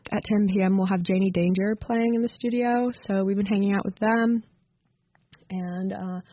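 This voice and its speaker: A woman co-hosting a college radio show, chatting casually and relaxed between songs while eating. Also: medium pitch, moderate pace. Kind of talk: casual on-air chat. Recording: dry, tinny lo-fi radio capture.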